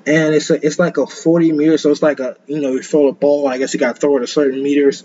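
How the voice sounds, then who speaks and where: A man's voice: fairly high pitch, little pitch movement, fast talker, few pauses, warm tone, highs cut off, a little hiss or hum. A man giving casual reaction commentary in a rambling, stumbling way, repeating words and chuckling often.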